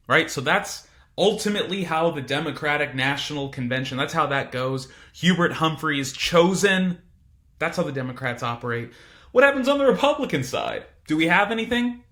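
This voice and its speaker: A man's voice: a little high, animated, moderate pace, fairly bright tone. A man teaching a casual recorded history lecture, informal and chatty with frequent asides.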